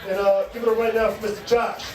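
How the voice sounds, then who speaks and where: A middle-aged comedy host talks quickly in a high, level voice, distant from the mic, with loud music behind him. He teases the live audience at a large comedy club through brash, profane crowd work, amid echo and crowd noise.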